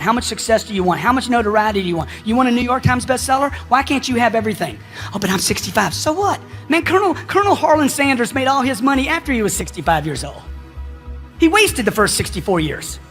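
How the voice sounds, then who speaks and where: A man's voice: high-pitched, fairly bright tone. A man giving a punchy motivational speech, firing rhetorical questions at his audience. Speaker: motivational speaker.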